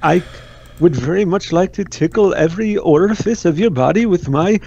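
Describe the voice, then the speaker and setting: Man doing a creepy stilted put-on accent, gravelly, leering, dull lo-fi sound. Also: high voice, normal speed, mellow, voice pushed up. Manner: stilted exaggerated phrasing, leering. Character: man putting on a mock Indian accent, creepy.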